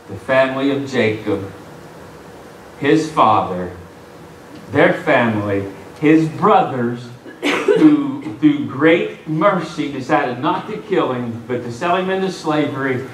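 A male pastor preaching a sermon, telling the story with lively, joking character voices. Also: medium pitch, a little hiss or hum. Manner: animated storytelling, acting out the characters with jokes. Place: church sanctuary. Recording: echoey hall, mic from a distance.

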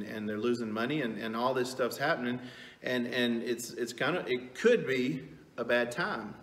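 A man's voice: mid-range voice, a bit bright, roomy sound. A middle-aged man giving a casual, rambling youth sermon, telling stories with lots of fillers. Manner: rambling, folksy storytelling with many fillers. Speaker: youth pastor. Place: church sanctuary.

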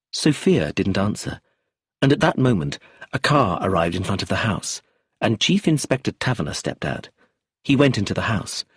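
A man's voice: on the low side, very animated, moderate pace, slightly rough, dry recording, studio quality. A man narrating an audiobook in the first person, telling the story expressively.

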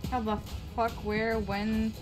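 A woman's voice: fairly high pitch, little pitch movement, takes it slowly, loud music behind the voice. A young woman streaming a game live, cursing and laughing in exasperation as she plays. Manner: swearing a lot, exasperated, laughing often. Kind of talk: live gameplay commentary.

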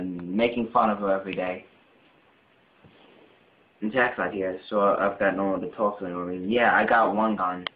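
Blustering low-voiced man in a tinny echoey room. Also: slight background noise. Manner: blustering, self-pitying, bossy. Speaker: comedy show host playing the boss. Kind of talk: homemade comedy skit. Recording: dull tinny phone-like audio in an echoey room.

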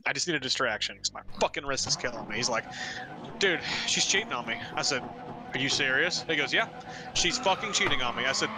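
Male streamer, raised and animated, rambling anecdotes, noisy stream mix. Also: mid-range voice. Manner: rambling storyteller, acts out quotes. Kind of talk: casual joke-telling chat while gaming. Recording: noisy game stream audio.

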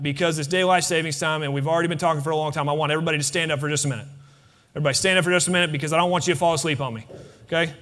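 A male pastor preaching a sermon, talking straight to his congregation and repeating key phrases for emphasis. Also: on the high side. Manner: animated, talks to the congregation directly with repeated phrases. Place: church sanctuary.

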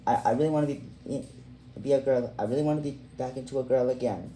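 A man's voice: mid-range voice, quick pace, warm tone, slight background noise, close to an everyday voice, poor audio. A man voicing a young girl who has been magically turned into a boy, stumbling and repeating his words in a homemade fan story. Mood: pleading.

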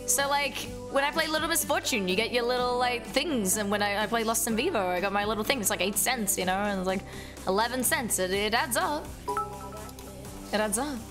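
During a casual gaming livestream, a woman chats at a moderate pace in an animated, medium-pitched voice, cursing without restraint and breaking into song now and then. Music runs underneath her talking.

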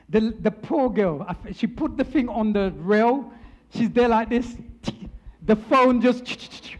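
A man's voice: extremely high pitch, rough recording. A male preacher telling stories in a sermon, playful and teasing the congregation. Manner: animated, playful, teases the congregation. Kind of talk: storytelling sermon. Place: church.

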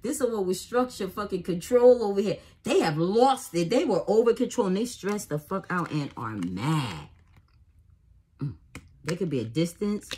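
A woman's voice: mid-range voice, animated, moderate pace, mellow, husky. A woman doing a casual tarot reading, profane and exclaiming, with frequent laughter. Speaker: tarot reader.

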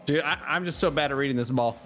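A man's voice: medium pitch, fast, fairly bright tone, faint music behind. A man chatting casually and playfully with a teammate while gaming, with frequent exclamations and laughter. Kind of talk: casual game chat.

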